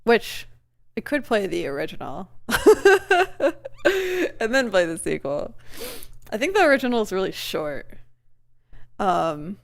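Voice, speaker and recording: Giggly, rambling woman streamer with a gravelly edge. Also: mid-range voice, very animated, slow, pauses often. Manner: giggly, rambling, many fillers and restarts. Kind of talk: casual live reaction chat.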